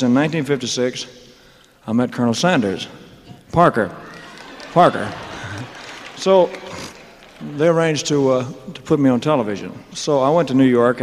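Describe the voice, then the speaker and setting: A man's voice: medium pitch, a little mellow. A man telling stories on a concert stage in a rambling, joking way, with laughing asides. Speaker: stage performer. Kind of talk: onstage storytelling monologue. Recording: live concert hall reverb.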